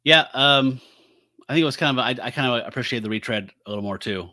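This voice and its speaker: A man co-hosting a podcast, casually recapping a comic and acting out its dialogue in a relaxed way. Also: mid-range voice, quick pace, no echo, studio quality. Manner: relaxed, recaps and acts out quotes with laughs. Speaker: podcast co-host. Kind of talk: casual comic book discussion.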